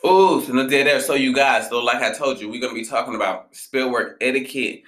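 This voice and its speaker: A man hosting a podcast, telling stories in a blunt, profane and animated way. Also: medium pitch, fairly quick, reverberant. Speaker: podcast host. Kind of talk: casual podcast monologue.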